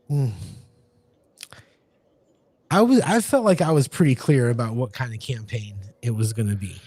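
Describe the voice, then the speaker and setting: A man's voice: mid-range voice, dark tone, no room sound. A man talks through tabletop game ideas in a loose, rambling way, full of restarts and fillers. His voice sits in a middle register and sounds dry and close, with no room around it. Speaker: podcast co-host and game master. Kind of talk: casual chat.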